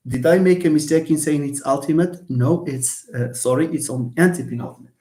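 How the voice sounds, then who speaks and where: A man, teaching English linguistics in a live online lesson and answering questions, moving between quick asides and slow, careful explanation. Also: a little high. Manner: lively, switches between fast asides and slow syllable-by-syllable explanation. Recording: roomy echo.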